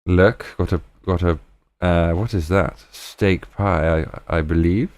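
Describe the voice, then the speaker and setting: A British man hosting a live stream in casual, rambling chat, often breaking into excited exclamations. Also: low voice, slow, no room sound.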